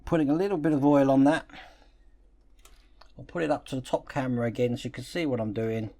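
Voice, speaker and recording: A man hosting a model-building channel, calmly explaining each step of the build while he works with his hands. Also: mid-range voice, brisk.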